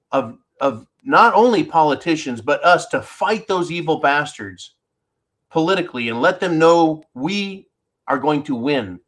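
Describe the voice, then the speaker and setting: A man with a slightly high, somewhat bright voice hosts a solo political commentary show. He speaks indignantly and emphatically, repeating words when he gets worked up.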